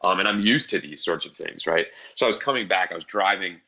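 A man's voice: deep voice, quick pace, vocal fry, pushed and bright. A man from central New Jersey, a guest on a talk show, telling a personal story in an earnest, reflective way and chuckling now and then. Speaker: podcast guest.

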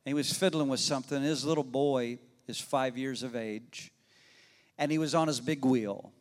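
A male pastor with a medium-pitched voice at normal speed preaches a sermon in a church sanctuary, telling a neighborhood story in a folksy, conversational way. He speaks directly to his congregation, and the recording carries the long reverb of a church hall.

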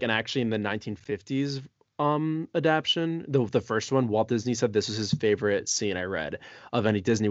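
A podcast co-host with a mid-range voice chats casually about a film, full of earnest, reflective enthusiasm. The recording is lo-fi, with no room sound.

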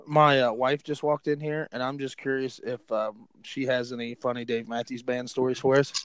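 A man's voice: mid-range voice, flat delivery, normal speed, smooth, no room sound. A man hosting a casual podcast chat, joking and teasing. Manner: jokey, teasing. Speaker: podcast host.

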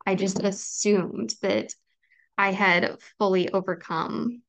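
This woman hosts a solo podcast, speaking to her listeners in an earnest, reassuring way and saying "um" often. Her voice is medium-pitched and gravelly with a fairly bright tone, and she speaks slowly with fairly even intonation.

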